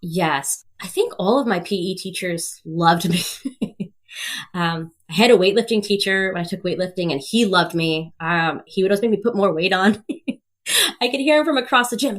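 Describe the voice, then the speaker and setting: A woman's voice: mid-range voice, normal speed. A woman in her thirties, a podcast guest telling stories with energy, laughing often and acting out the people she quotes. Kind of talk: casual storytelling.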